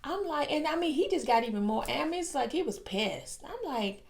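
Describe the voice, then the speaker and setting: A woman hosting her own vlog, telling a personal story in an expressive, exaggerating way and laughing often. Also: sits high, normal speed, vocal fry. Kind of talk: animated storytelling.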